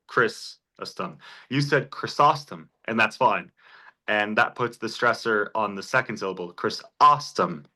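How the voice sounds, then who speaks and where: Male Greek teacher, low-ish bright voice, patient and encouraging, informal class. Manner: encouraging, explains step by step with examples. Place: church classroom.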